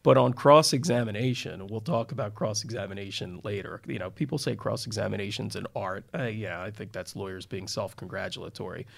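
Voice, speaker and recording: A man's voice: on the low side, a little fast, vocal fry, few pauses, fairly bright tone. A middle-aged man, a criminal defense attorney co-hosting a podcast, telling a courtroom anecdote in a wry, self-deprecating way. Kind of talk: casual storytelling chat.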